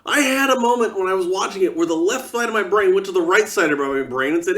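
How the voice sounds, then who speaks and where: A man rants to camera with exasperated sarcasm. His pitch swings widely, and his voice sits slightly high. He sounds somewhat distant from the microphone. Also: lively intonation, quick pace, a bit bright. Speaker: vlogger. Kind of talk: ranting monologue.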